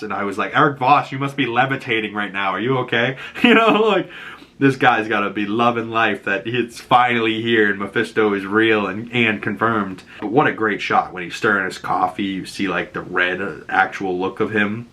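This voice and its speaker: Bright-voiced chatty man. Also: on the low side. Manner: chatty and quick, full of "like" and "you know", laughs at his own jokes. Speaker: YouTube host reviewing a superhero show. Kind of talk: casual episode breakdown.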